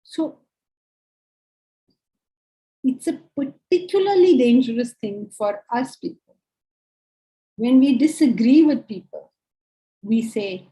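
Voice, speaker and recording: Woman, spiritual teacher, warm mellow tone, earnest lecturing. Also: fairly high pitch, rough recording. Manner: earnest, animated, acts out quoted inner voices. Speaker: Vedanta teacher.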